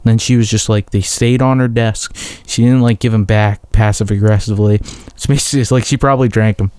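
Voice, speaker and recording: A man's voice: lowish voice, steady tone, fairly quick, darkish tone, smooth, no echo. A man hosting a podcast, telling a rambling, profane story in a casual solo monologue. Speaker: podcast host.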